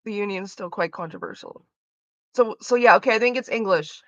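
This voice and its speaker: Girl streaming, bright voice, dry dull lo-fi mic, rambly and full of likes. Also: medium pitch, a little fast, no echo. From Canada. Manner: rambling, lots of "like" fillers. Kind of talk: casual chat with viewers.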